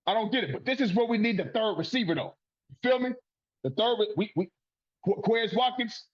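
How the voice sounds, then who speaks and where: Male sports podcast host, high husky voice, heated profane rant, lo-fi recording. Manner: profane, fired-up and ranting.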